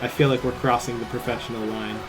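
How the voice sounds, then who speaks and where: A man in his twenties streaming a game, making wry, deadpan asides in a casual chat. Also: medium pitch, quick pace, music in the background. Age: 20s.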